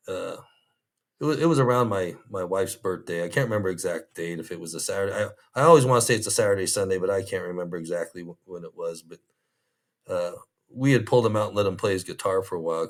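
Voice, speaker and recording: Low-voiced man telling prison stories. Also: fast talker. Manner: rambling and easygoing, full of restarts and fillers. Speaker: former prison guard. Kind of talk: anecdotal storytelling in an interview.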